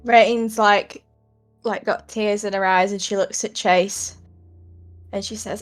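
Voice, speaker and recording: A woman's voice: medium pitch, fairly even intonation, slow pace, pauses often, faint music behind. A woman playing a tabletop role-playing game, describing her character's actions in a chatty, casual way. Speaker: player.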